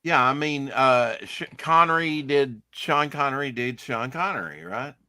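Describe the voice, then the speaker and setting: A man's voice: mid-range voice, lively intonation, measured pace, pushed and bright, no room sound, clean studio sound. A man chatting casually while gaming, rambling with many fillers and restarts. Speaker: streamer.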